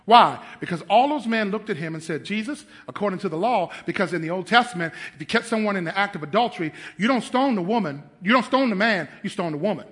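High, lively-voiced preacher telling a story. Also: male voice, fast, few pauses. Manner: storytelling preacher, acts out quoted voices, rises to loud emphatic stretches; asks the congregation questions. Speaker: pastor. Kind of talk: sermon.

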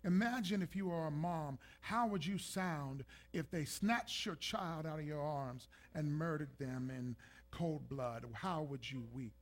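Guy preaching hard, kinda high voice, gets loud and emphatic. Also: a little slow. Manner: builds from calm to shouting intensity, acts out scripture voices. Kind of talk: sermon.

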